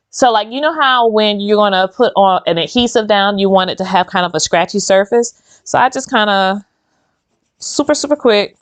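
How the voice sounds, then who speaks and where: A woman's voice: medium pitch, dry recording. Chatty woman doing her nails. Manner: chatty, rambling and animated. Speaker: host. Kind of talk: casual chat while doing her nails.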